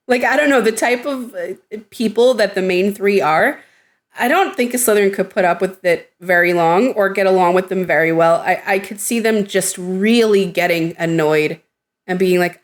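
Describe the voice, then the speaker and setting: A woman co-hosting a podcast in casual chat, animated, laughing often and acting out characters' lines. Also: medium pitch, normal speed. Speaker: podcast co-host.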